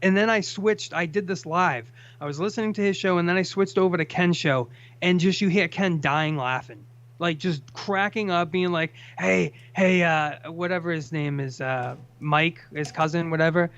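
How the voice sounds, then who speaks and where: A man's voice: fairly high pitch, moderate pace, fairly bright tone. A man hosting a casual call-in chat, ranting with plenty of profanity. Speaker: host. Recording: dull lo-fi sound.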